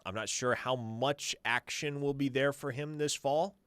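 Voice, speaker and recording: A man's voice: mid-range voice, fairly even intonation, measured pace, fairly bright tone, clean tone, no echo. A man hosting a sports talk radio show, confidently answering listener questions as a team insider. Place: radio studio.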